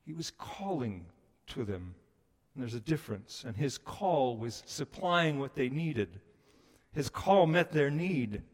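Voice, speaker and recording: A man preaching a sermon, moving between hushed passages and loud, emphatic ones. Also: mid-range voice, big pitch swings, slow pace. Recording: long reverb of a large hall.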